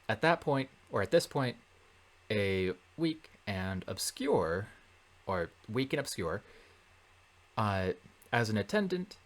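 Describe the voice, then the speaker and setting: A man working through a Latin translation in a relaxed lesson, thinking aloud with many fillers and self-corrections. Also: lowish voice. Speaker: Latin tutor. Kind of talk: casual translation walkthrough.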